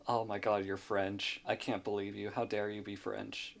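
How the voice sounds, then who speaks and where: A man streaming live from home into a desk mic, joking with his chat in loud, profane banter and laughing often. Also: fairly low pitch, little pitch movement, measured pace, creaky, long pauses. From Louisiana.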